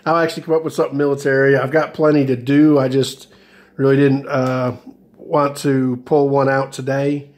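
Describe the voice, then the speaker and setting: Flat-voiced man rambling through a vlog. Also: mid-range voice, normal speed. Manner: rambling, hesitant, many fillers and restarts. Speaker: ration review vlogger. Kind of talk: casual food review vlog.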